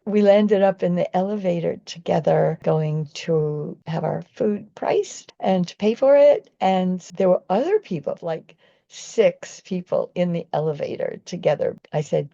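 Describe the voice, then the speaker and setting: A woman's voice: on the low side, a little slow, vocal fry, mellow, no room sound, dull audio. A woman and vegan activist telling a personal story in an earnest, rambling way, often restarting her sentences.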